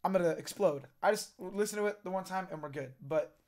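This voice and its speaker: A young man hosting a reaction video, hoarse from losing his voice, chatting casually and excitably, swearing and laughing often. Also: high-pitched, fairly quick.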